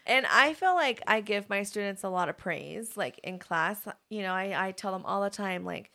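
A young woman teacher chats casually on a podcast. She talks freely and peppers her sentences with "like." She gets animated when she acts out what her students say. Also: medium pitch, moderate pace, gravelly, hardly any pauses. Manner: chatty, peppered with "like", animated when quoting kids. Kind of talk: casual chat.

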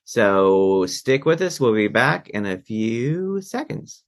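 A man's voice: fairly low pitch, very animated, takes it slowly. A man hosting a podcast, interviewing a guest in a supportive way with affirmations. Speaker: podcast host.

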